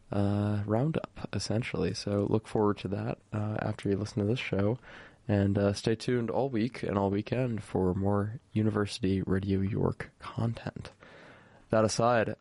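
A man's voice: fairly low pitch, no room sound. Young male student radio host. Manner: relaxed, hesitant with frequent fillers. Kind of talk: casual radio chat.

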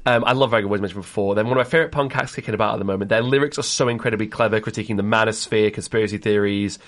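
A man's voice: lowish voice, very fast, fairly bright tone. A young man co-hosting a casual radio show, enthusiastic and rambling. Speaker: radio co-host.

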